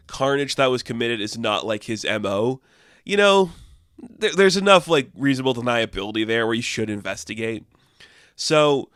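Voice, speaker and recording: A man's voice: medium pitch, a bit bright, no echo, studio quality. Man casually rambling through a comic review. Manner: rambling, heavy use of "like" and "I guess".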